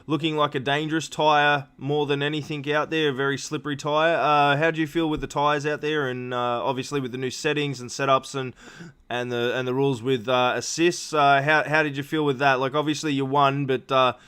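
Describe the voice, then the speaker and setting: A man's voice: medium pitch, little pitch movement, brisk, fairly bright tone, clean tone. A man hosting post-race interviews on a live stream, rambling with lots of fillers and restarts. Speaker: stream host.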